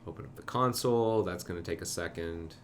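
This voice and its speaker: A man's voice: low voice, fairly quick, slight background noise. A man streaming himself coding, thinking aloud and muttering to himself in a casual way. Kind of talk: casual live-coding commentary.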